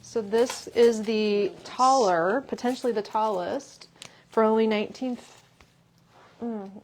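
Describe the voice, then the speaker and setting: A woman's voice: on the high side, slow, a little mellow, slight background noise. A woman hosting a live shop stream, chatting casually about products and laughing often.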